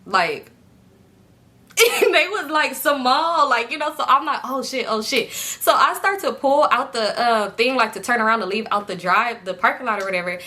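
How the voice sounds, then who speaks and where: A young woman tells her viewers a rambling storytime, full of slang and giggles. Her voice sits a little high and rings bright and forward. She keeps it loose and conversational, addressing the audience as y'all. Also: expressive, normal speed. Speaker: vlogger telling a storytime.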